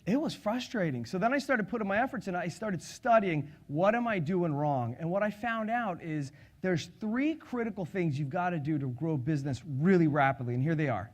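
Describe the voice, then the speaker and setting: A sales and public speaking trainer, a middle-aged man with a strikingly high voice, runs a sales seminar before a live audience. He's energetic and playful, joking with the crowd and quizzing listeners, speaking at a moderate pace with few pauses.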